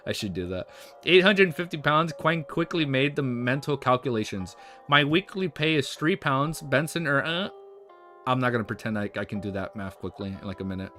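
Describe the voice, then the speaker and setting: A male livestreamer reading a novel aloud to his chat, breaking off into excited, chatty reactions between passages. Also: mid-range voice, moderate pace, soft background music. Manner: reads narration steadily, then breaks off into excited chatty reactions.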